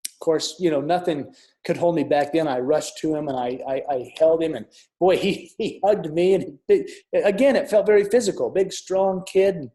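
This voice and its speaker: A middle-aged man telling a personal story in an earnest, reflective way, with restarts and soft drops in volume. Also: on the high side. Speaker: speaker sharing a near-death experience. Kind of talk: personal storytelling talk with audience questions. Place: online summit talk.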